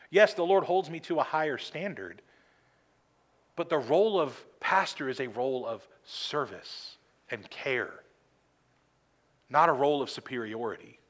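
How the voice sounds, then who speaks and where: A man preaching a sermon from a church pulpit, earnest, slowing down for emphasis and adding dry humor. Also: medium pitch, fairly bright tone. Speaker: pastor.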